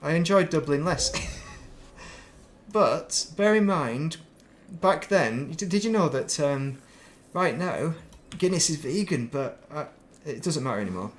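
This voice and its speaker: A man's voice: a little high, expressive, measured pace, a little hiss or hum. A middle-aged man from England, chatting casually and rambling while streaming a space game, self-mocking and chatty. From northern England.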